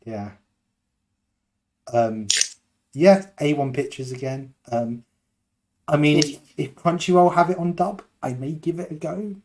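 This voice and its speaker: A man's voice: fairly high pitch, a little slow, long pauses, darkish tone, a little hiss or hum. A young British man co-hosting a podcast in casual chat, rambling and self-deprecating, laughing often. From United Kingdom. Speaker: podcast co-host.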